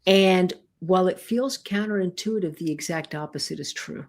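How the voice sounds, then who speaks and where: A woman's voice: fairly low pitch, moderate pace, darkish tone. A woman in casual conversation, explaining emotions earnestly and acting out quoted phrases. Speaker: co-host.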